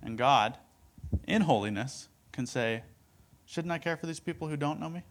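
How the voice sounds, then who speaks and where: A man giving a relaxed Bible teaching, reading verses aloud and explaining them in a chatty, conversational way. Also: a little high, normal speed. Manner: conversational, lots of "like" and "right?", reads verses aloud. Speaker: preacher.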